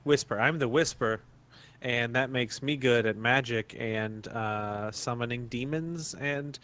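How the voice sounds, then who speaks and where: A man's voice: mid-range voice, a little slow, fairly bright tone, smooth. A man playing in an online tabletop game, rambling and apologetic, on a computer mic over a voice call. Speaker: player. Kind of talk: casual tabletop game chat.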